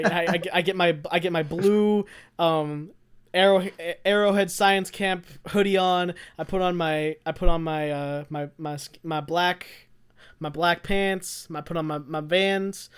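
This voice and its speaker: A young adult podcast co-host, medium-pitched with a clean tone, tells a rambling, animated story in casual chat at a measured pace. Laughter comes often.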